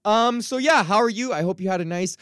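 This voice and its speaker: A man's voice: high-pitched, brisk, fairly bright tone, smooth, dry recording, studio quality. Profane ranting man from Canada. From Edmonton, Canada. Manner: profane, ranting, heavy swearing; rambling with restarts and fillers. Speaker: podcast host, stand-up comic. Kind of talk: solo comedic rant.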